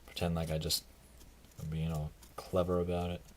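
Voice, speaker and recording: A man's voice: deep voice, monotone, normal speed, darkish tone, slight background noise. A tired man talking casually through his hobby crafting work, rambling and self-deprecating. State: tired, yawning. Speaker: hobby video maker.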